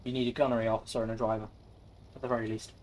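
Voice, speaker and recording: A man's voice: medium pitch, flat delivery, very fast, a little mellow, a little hiss or hum. Chatty man streaming a game. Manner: chatty, swears casually. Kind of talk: casual gaming chat.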